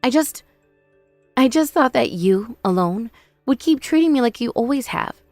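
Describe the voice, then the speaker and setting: A woman plays a desperate young sister-in-law in a voiced text-message drama. She begs and makes excuses in a slightly high, pleading voice. The sound is dry, with faint music underneath. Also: animated, normal speed, a little mellow, no room sound. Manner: pleading, whiny, self-pitying. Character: desperate, remorseful sister-in-law begging forgiveness.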